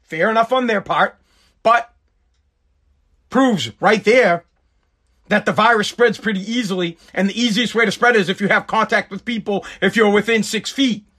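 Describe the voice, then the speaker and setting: Man, very high voice, angry, sarcastic, swearing rant. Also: normal speed, a bit bright. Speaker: commentator. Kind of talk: profane ranting commentary.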